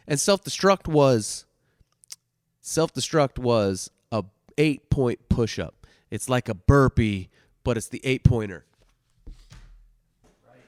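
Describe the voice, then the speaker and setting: A man telling a casual story on his podcast, cursing freely and shifting between loud outbursts and near-whispered asides. His voice sits at an ordinary male pitch, recorded dry and close. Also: takes it slowly, pauses often, no room sound. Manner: profane, animated, swings from loud to hushed. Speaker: podcast host telling stories.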